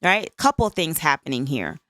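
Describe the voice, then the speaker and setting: A woman's voice: low-pitched, big pitch swings, normal speed, bright, forceful tone, no echo, studio quality. A woman in her fifties hosting a solo podcast, talking candidly in a conversational way and often checking in with "right?". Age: 50s. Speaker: podcast host.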